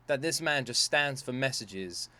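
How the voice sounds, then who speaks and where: A man's voice: mid-range voice, expressive, unhurried, pushed and bright. A British man giving casual reaction commentary as a video host, earnest and rambling, with many fillers and restarts. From Britain.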